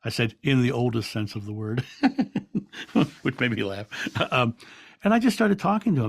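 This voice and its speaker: Calm male podcast guest with a gravelly voice, dry sound, reflective storyteller who restarts often. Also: medium pitch, normal speed, dry recording. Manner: calm, reflective, with frequent restarts and soft laughs. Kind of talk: relaxed storytelling in an interview.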